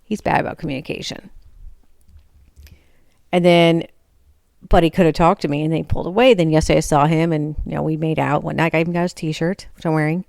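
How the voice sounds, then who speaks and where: Woman, middle-aged, gravelly, low-pitched, rambling, exasperated storytelling. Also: steady tone, fairly quick, long pauses, a little mellow, no echo, studio quality. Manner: exasperated, rambling, acts out her own quoted texts in a higher voice. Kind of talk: casual storytelling rant.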